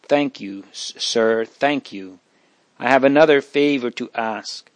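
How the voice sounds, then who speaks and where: Man reading as a dying young woman, faint and devout, very slow, dry close sound, storybook reading. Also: medium pitch, no room sound, lightly acted. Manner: soft, slow, faint and prayerful. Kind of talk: reading aloud from a religious narrative.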